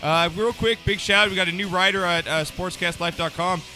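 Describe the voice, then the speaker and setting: A man hosting a sports talk podcast, giving quick shout-outs in a chatty way. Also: high voice, steady tone, faint music behind. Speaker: host. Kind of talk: casual sports chat.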